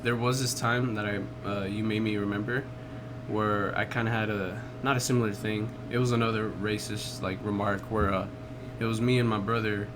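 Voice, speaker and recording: A man's voice: lowish voice, flat delivery, moderate pace. A young man co-hosting a podcast, telling stories in a rambling way full of fillers and swearing. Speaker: podcast co-host. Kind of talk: casual chat. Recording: noticeable background noise.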